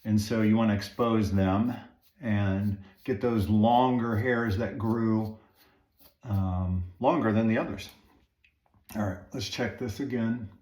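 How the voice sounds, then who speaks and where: A vlogger with a lowish, darkish voice and fairly even intonation speaks slowly while trimming his beard at home. His casual how-to talk drifts into fillers and asides, and the recording has an echoey room sound.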